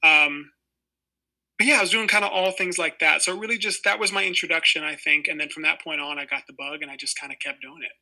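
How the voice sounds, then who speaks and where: A man's voice: on the high side, quick pace, pushed and bright, low-quality recording. A man in his twenties, an actor being interviewed, telling stories casually with lots of fillers and restarts. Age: 20s. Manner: rambling, heavy on fillers like "you know". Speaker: actor guest.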